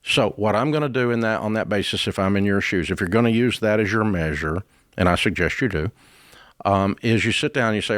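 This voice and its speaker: Blunt, low-voiced man hosting a call-in show. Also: fairly quick, a bit bright, dry recording, clean studio sound. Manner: blunt and emphatic, folksy slang. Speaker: radio show host. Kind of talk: casual call-in advice talk.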